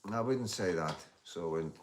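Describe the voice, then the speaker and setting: A man's voice: deep voice, normal speed, slight background noise. A man, hosting a casual livestream and talking bluntly to viewers, swearing freely as he reads out their comments. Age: 50s. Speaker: livestream host.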